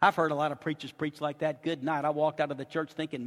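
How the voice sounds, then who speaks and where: A middle-aged man preaching a sermon as pastor, swinging from soft confiding asides to loud shouted peaks. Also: a little high, flat delivery, quick pace, few pauses. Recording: reverberant hall.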